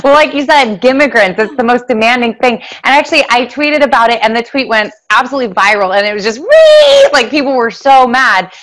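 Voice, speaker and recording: A woman's voice: a little high, brisk, hardly any pauses, fairly bright tone, poor audio. A woman panelist in a political talk show, speaking assertively and emphatically. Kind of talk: political commentary chat.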